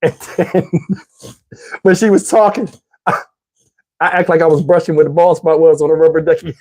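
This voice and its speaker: A middle-aged man telling a comic story, animated, with loud outbursts while acting out quotes. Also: fairly high pitch, normal speed. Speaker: comedian. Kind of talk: stand-up storytelling.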